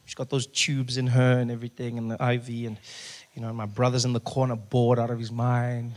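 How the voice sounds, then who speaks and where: A stand-up comedian telling a story in a punchy, deadpan way. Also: male voice, mid-range voice. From South Africa.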